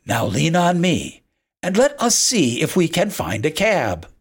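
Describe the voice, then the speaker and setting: A reader voicing a kind, strong grown man who helps a stranger in the snow in a storybook reading, gentle and reassuring in manner. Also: medium pitch, huge pitch swings, a little slow, breathy edge, full character voice. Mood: kindly. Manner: gentle and reassuring, then urgent calling.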